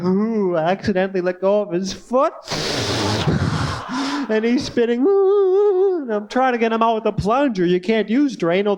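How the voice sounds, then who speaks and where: A man in his thirties doing live stand-up on a club stage, talking in a swooping voice with odd pauses and sudden squeaks. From northern United States. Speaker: stand-up comedian.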